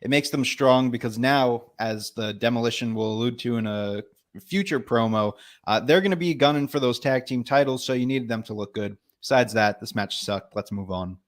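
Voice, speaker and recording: A man's voice: medium pitch, moderate pace. A young man co-hosting a wrestling review podcast, laid-back and easygoing in casual chat. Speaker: podcast co-host.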